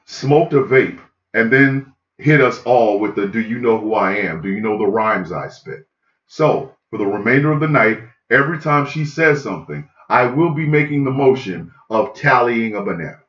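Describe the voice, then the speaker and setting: Pompous low-voiced political candidate, put on by a man; stiff debate-stage formality, echoey muffled recording. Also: expressive, normal speed, a bit bright, natural voice. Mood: mock-formal. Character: pompous deep-voiced male congressional candidate.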